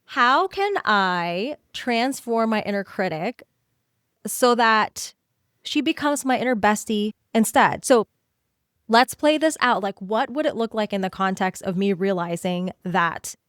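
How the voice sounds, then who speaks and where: A woman podcast host talks to her listeners in a lively, playful way, slipping into little acted-out voices for her quotes. Her pitch sits mid-range, and the recording is close and dry, with no room sound. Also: unhurried, no room sound. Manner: animated, playful, acts out inner voices; swears casually and laughs often. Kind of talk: solo podcast talk.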